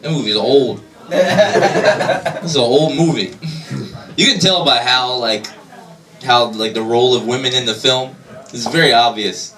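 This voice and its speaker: A man's voice: mid-range voice, moderate pace, long pauses. A man performing a stand-up comedy set on a club stage, self-deprecating and laughing between lines. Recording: distant mic, loud crowd laughter.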